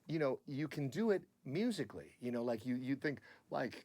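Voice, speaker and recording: A man's voice: mid-range voice, very animated, moderate pace, few pauses, a little mellow. A man in a documentary interview, explaining voice acting and singing out example notes as he talks. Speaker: voice actor.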